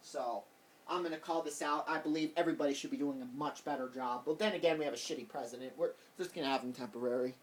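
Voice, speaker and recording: A man rants to his viewers in a rambling, heated way, circling back and repeating phrases. He sits some way off from the microphone, so his voice sounds distant. His pitch sits in a middle range for a man. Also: quick pace, a little hiss or hum. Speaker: vlogger. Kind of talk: casual political rant to camera. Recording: voice distant from the mic.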